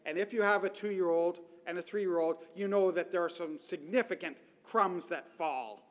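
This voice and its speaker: A male pastor preaching a sermon in a conversational, animated storytelling way. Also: high voice, moderate pace, few pauses. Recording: long hall reverb.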